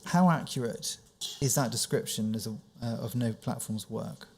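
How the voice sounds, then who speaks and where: A male counsel questions a witness at a formal hearing, speaking in a measured and careful way. He reads out document references and puts each question precisely. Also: medium pitch, a little mellow, breathy edge. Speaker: inquiry counsel.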